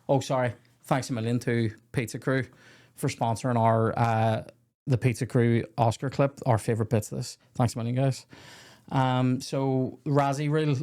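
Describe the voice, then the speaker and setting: A man in his young adult years talks through a film on a casual podcast. He rambles, swears freely and keeps breaking off mid-sentence to start again, at an ordinary middle pitch. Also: a little mellow. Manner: rambling, swearing, self-interrupting. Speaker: podcast host. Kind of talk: casual film review chat.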